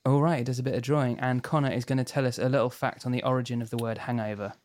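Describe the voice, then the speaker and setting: A man's voice: mid-range voice, fairly even intonation, racing, a little mellow. Dry, wry male radio host. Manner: dry, wry, rambling asides. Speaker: radio show host and band member. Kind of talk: casual radio chat.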